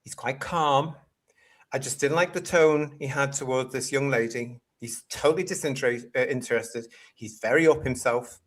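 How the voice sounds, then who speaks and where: A man's voice: medium pitch, normal speed. A British man hosting a casual live-stream panel chat, blunt and opinionated, with a mocking edge, speaking over a video call. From United Kingdom. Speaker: host.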